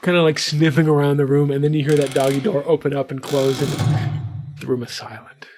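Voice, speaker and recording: A man's voice: a little high, level tone, brisk, background noise. Man narrating as game master. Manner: descriptive, with filler words.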